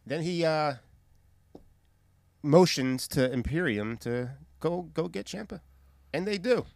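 A man's voice: fairly high pitch, expressive, slow, vocal fry, a little mellow, no echo, clean studio sound. A man co-hosting a casual wrestling recap podcast, swearing freely as he retells the show. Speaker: podcast co-host.

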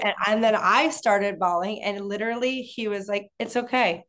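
A woman co-hosting a relaxed conversation. She talks in a loose, chatty way, full of "like" and restarts. Her voice sits at an ordinary medium pitch. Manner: chatty, many fillers and restarts. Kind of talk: casual chat.

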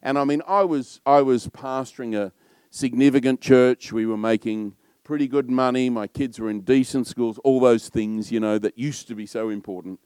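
Middle-aged Australian male pastor, loud and chatty storyteller, mid-pitched, close dry recording. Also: normal speed, clear, resonant tone, no echo. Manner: loud, warm storytelling with frequent laughs. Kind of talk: sermon.

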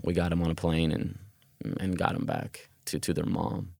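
A man earnestly recounting a personal story, halting and restarting as he goes. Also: sits low, very animated, creaky, dark tone, dry recording, studio quality.

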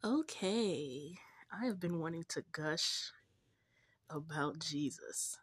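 A young woman talks in a casual confessional vlog, gushing and giggly with slangy phrasing. Her voice is breathy and husky and sits somewhat low, and she takes her time, drawing her words out slowly. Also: expressive. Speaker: faith vlogger.

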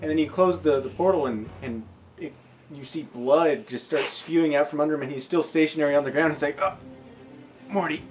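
A man narrating as game master, relaxed, explaining rules and describing vivid gore. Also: a little high, a little fast, faint music behind. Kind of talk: casual tabletop game narration.

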